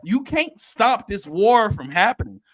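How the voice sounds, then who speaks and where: A man's voice: a little high, very animated, normal speed, fairly bright tone, husky, full character voice. A man voicing a brash young male pirate captain who talks bluntly and curses freely. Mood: angry. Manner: blunt, profane, dismissive.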